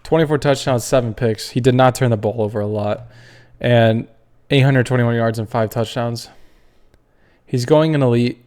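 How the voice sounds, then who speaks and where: A man hosts a casual sports tier-list video as a podcast host, his mid-range voice darkish and his speed normal. He rants with fiery, strong opinions, cursing every so often.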